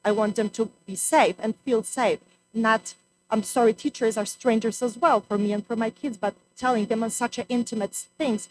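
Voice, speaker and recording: Woman, emotional, pleading, halting, fairly high voice, faint hum. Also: poor audio. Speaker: mother speaking at public comment. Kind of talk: unscripted public comment. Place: school board meeting room.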